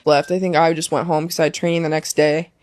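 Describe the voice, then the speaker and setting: A woman's voice: sits low, flat delivery, fast, a little mellow, slight background noise. A young woman talking as a guest, telling an emotional personal story casually with many fillers.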